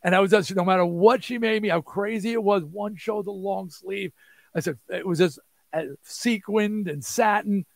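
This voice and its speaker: Gravelly older man telling a wild story. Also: sits high, normal speed, no echo. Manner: rambling, restarts, acts out quotes. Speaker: interview guest, rock singer. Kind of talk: animated storytelling.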